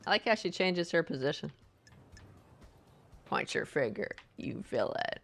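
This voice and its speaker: Casting: woman streamer, low-ish and very animated, bright and teasing. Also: a little slow, vocal fry. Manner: sarcastic and playful, mocking the game. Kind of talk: casual gameplay commentary.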